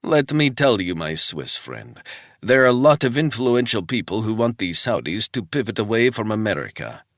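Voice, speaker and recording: A man voicing a confident female agent who speaks in a brisk, knowing, slightly teasing way. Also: fairly low pitch, very animated, no room sound, studio quality, voice pushed up.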